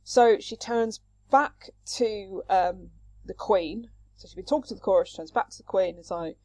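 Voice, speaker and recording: A woman's voice: mid-range voice, moderate pace, a little mellow, no echo. A woman casually retelling and explaining a scene from a Greek play, paraphrasing with chatty fillers and reading quoted lines with livelier emphasis.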